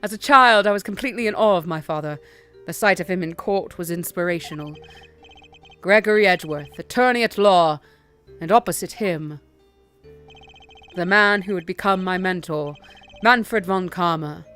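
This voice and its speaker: A woman doing a poised young prosecutor with a lowered, formal voice. He recalls his past in even, thoughtful lines. Faint music sits underneath in this game voice-over. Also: lightly acted. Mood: reflective. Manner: measured, formal recollection.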